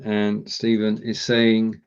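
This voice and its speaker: A man's voice: on the low side, completely flat delivery, slow, smooth, lo-fi sound. A man co-hosting a casual live language lesson, joking as he stumbles through German phrases. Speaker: co-host and learner.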